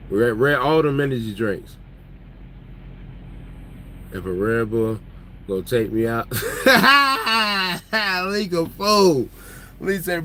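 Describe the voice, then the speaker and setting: A man talking casually from inside his truck cab, spinning loose, joking stories and laughing along the way. His voice sits at an ordinary middle pitch, with a faint hum of road noise underneath. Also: slow, pauses often, bright, forceful tone, poor audio. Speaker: truck driver vlogger. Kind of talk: casual chat.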